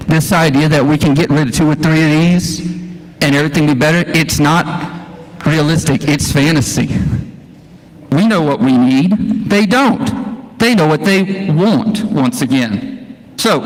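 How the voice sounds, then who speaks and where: A man giving an impassioned, folksy speech at a town hall, firing rhetorical questions at the crowd. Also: on the high side. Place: church hall, live event.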